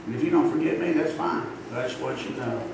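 A man's voice: mid-range voice, fast talker, gravelly. A middle-aged man, preaching a folksy, emphatic sermon and drawing call-and-response from the congregation. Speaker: pastor. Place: church sanctuary. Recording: echoey church from far off, noisy.

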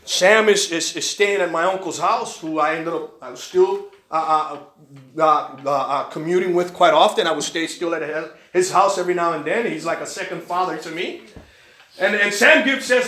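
Male preacher, high and bright, lively storytelling sermon, roomy echo. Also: moderate pace. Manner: animated storytelling, acts out quoted voices. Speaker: pastor. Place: church.

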